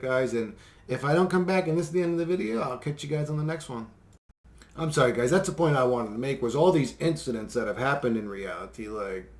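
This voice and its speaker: Profane rambling man ranting to viewers. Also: a little high. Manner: profane, rambling, chuckling often. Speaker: vlogger. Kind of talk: rambling conspiracy rant to viewers.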